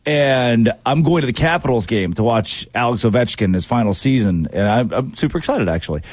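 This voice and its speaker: A man hosting a sports talk show, quick and wisecracking in a casual, playful way. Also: medium pitch, lively intonation, breathy edge, no room sound.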